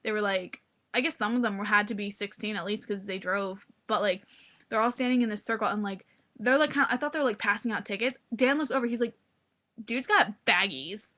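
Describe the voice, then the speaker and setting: Excitable rambling young woman vlogger. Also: mid-range voice, fast talker. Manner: excitable, rambling, heavy use of "like". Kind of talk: casual vlog chat.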